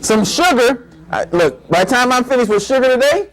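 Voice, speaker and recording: A middle-aged man, an imam, giving a playful, animated faith-based lecture to a live audience, often repeating words as he builds a point. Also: very high-pitched, fairly quick, background noise.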